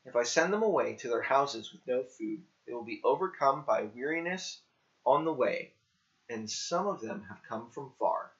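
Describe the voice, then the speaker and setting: A man reading the quoted words of a calm male teacher who questions his followers, in a plain, earnest way. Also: medium pitch, moderate pace. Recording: dull lo-fi recording.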